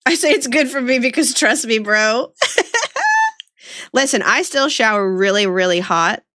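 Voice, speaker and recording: A woman's voice: on the high side, lively intonation, unhurried, bright, forceful tone, no room sound, studio quality. A young woman streamer chatting casually while she draws. She rambles, giggles often and reads chat aloud. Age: young adult.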